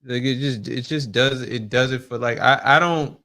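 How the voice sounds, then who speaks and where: A man with a mid-pitched voice chatting on a podcast. He talks in a laid-back, halting way, restarting his thoughts and speaking plainly. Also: sharp tone. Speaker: podcast co-host. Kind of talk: casual chat.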